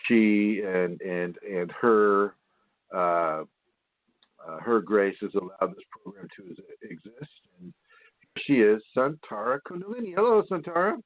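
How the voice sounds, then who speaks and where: A man hosting a spiritual radio talk show, teaching in an animated way, mimicking whiny voices and laughing often. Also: on the low side, unhurried, no room sound. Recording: tinny phone line, dry.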